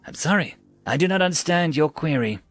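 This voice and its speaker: A man's voice: on the high side, lively intonation, a little fast, dry recording, faint music behind. A man voicing a petty, smug male food dispenser machine with stiff, politely formal speech. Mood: prim.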